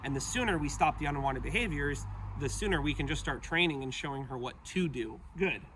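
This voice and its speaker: A man explains dog training to the camera outdoors in an upbeat, encouraging way. His voice is bright and a little high. Faint outdoor noise sits under the recording. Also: animated, fairly quick. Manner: upbeat, praises the dog often.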